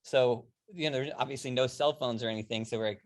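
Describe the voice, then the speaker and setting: A man's voice: medium pitch, fast, few pauses. A man recalling an old story in casual chat, rambling with restarts.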